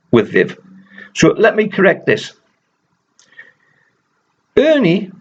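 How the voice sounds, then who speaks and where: Gravelly, husky man. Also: on the high side. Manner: chatty, rambling, keeps saying "you know"; firmly correcting rumours. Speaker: video channel host. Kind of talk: casual spoken commentary. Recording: dull lo-fi recording.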